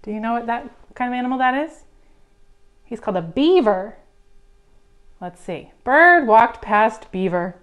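Slow, gentle storytime reader, woman. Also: on the high side, expressive. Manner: gentle, coaxing, asks children questions. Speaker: children's librarian. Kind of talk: preschool storytime reading.

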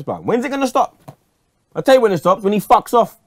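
Man, angry fan rant, swearing, street slang, swooping animated pitch. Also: a little fast, no echo. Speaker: fan pundit.

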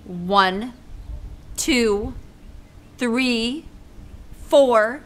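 A woman reading aloud and voicing a stern female schoolteacher who scolds loudly and sharply. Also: on the high side, extremely slow, pitched above the performer's own voice. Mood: angry.

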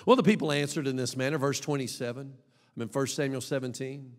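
A man preaching an emphatic, animated sermon as a pastor, with bursts of shouting. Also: mid-range voice, fast talker. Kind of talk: lively sermon. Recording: long reverb of a large hall.

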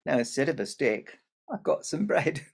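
Man putting on a good little boy, high and eager, storybook tale, husky. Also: very animated, normal speed. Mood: cheerful. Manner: high, breathless pleading.

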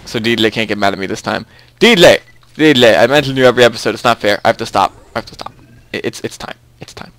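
A man's voice: mid-range voice, a bit bright. A young man hosting a casual game commentary, chatty and rambling, often repeating himself. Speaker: let's play host.

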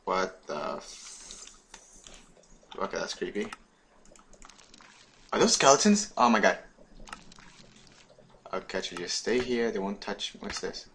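A young man giving casual, excitable let's play commentary on a game, swearing and chanting words over and over. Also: low-pitched, slow pace, pauses often, a little hiss or hum. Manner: excitable, swears and sing-songs repeated words. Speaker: gaming YouTuber.

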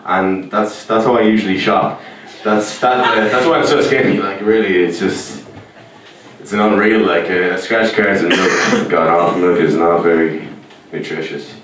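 An Irish man doing a rambling, deadpan stand-up routine in a comedy club, breaking into sudden shouts and yelps. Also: sits low, moderate pace, crowd noise. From Ireland. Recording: echoey club, mic heard from a distance.

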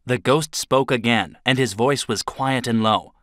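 A man narrating a children's story in a steady, clear storytelling manner, recorded close to the mic. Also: mid-range voice, measured pace.

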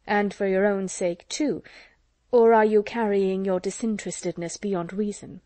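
A woman's voice: medium pitch, steady tone, moderate pace, warm tone, no room sound, natural voice. A woman reading as a composed, reserved young lady. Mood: restrained.

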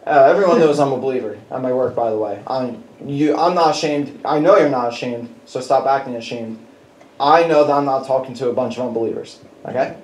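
A man preaching a conversational sermon, telling personal stories in an animated way and chuckling as he goes. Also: medium pitch, fairly quick, far from the mic. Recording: echoey hall with faint background noise.

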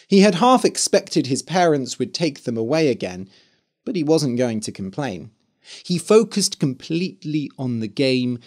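A man narrating a scripted story for learners, slowly and expressively. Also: on the high side. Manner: slow, clear and expressive.

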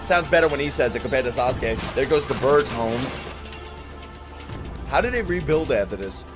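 Excitable young man reacting, animated pitch. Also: moderate pace. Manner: excitable, swearing, laughing outbursts. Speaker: anime reaction streamer. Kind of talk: live reaction commentary. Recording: show audio and music behind. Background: anime soundtrack music.

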